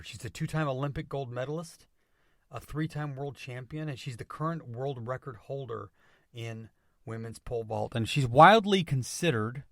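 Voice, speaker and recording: A man hosting a motivational podcast, speaking with energetic emphasis and returning to catchphrases again and again. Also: medium pitch, creaky, no room sound, studio quality. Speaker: podcast host.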